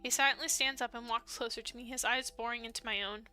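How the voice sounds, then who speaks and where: Bright, high-voiced young woman streamer. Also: quick pace, faint music behind. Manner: expressive, giggly, emotional reactions. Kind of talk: let's play with read-aloud narration.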